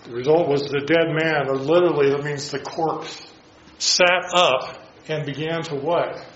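A man preaching a sermon in a halting way, with restarts and rhetorical questions. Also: on the high side, steady tone, fairly bright tone, echoey room, muffled recording.

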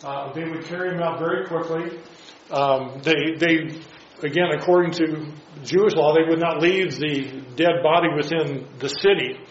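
Male preacher, slightly higher voice, halting delivery, muffled echoey church recording. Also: a little hiss or hum. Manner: halting, with many restarts and rhetorical questions. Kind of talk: sermon.

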